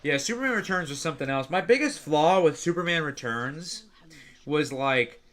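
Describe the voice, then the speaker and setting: A young man with a bright, slightly high voice chats his way through a casual reaction stream. He rambles, leans on "like" constantly, and jumps into excitable reactions. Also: moderate pace.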